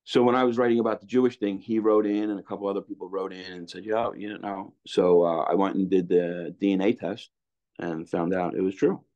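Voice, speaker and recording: Low-voiced rambling man, lo-fi. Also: fairly even intonation, a little fast, a little mellow. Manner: rambling, frequent restarts, says "man" and "you know what I mean". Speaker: interview guest. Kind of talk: candid storytelling conversation. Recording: dull lo-fi sound.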